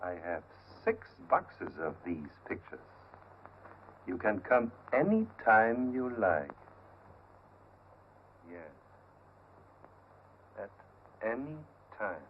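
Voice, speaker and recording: Coaxing shopkeeper, lowish lively voice, tinny old film sound with hiss. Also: male voice, drawn-out words, long pauses, exaggerated voice. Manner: coaxing, smooth-talking. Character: ingratiating male shopkeeper with a French shop name. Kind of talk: 1930s film acting.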